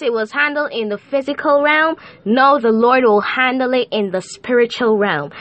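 A woman's voice: a little high, fairly bright tone. A young woman talking casually to her viewers about her faith, chatty and slangy with many fillers. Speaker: vlogger. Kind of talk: casual faith vlog monologue.

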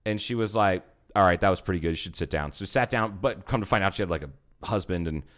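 Low-voiced man telling bar stories. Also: fast. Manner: animated storyteller, swears a lot, acts out quotes. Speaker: podcast host, bartender. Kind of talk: casual podcast chat.

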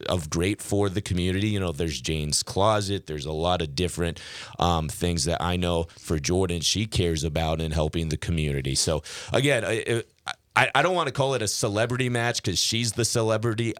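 A man hosting a radio show who talks in an animated, boastful way. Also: low voice, no room sound, studio quality. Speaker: radio host. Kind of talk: casual radio chat.

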